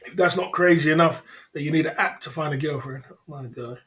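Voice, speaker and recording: A man's voice: fairly high pitch, brisk, a bit bright. A man hosting a casual livestream, rambling, repeating his phrases and reading out chat comments. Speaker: livestream host.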